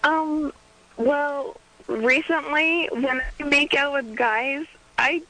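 A woman's voice: high-pitched, slow pace, sharp tone. A nineteen-year-old woman calling in to a radio show, speaking hesitantly over a phone line. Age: teens. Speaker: caller. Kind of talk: phone-in call.

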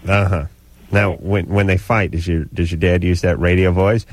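A man's voice: deep voice, flat delivery, moderate pace. Crude wisecracking male radio host. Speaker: radio call-in show host. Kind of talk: radio call-in advice talk.

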